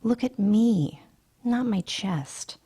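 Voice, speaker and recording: A woman voicing a sharp, petulant young socialite with a breathy, sing-song delivery in an audiobook reading. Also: mid-range voice, lively intonation, very slow, voice pushed up, full character voice. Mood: snippy. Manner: snippy and dismissive.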